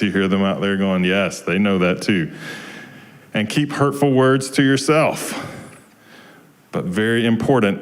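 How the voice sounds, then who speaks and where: A guest minister from Georgia, USA, leads a children's story time during a service. His mid-range voice stays gentle, and he keeps asking the kids questions.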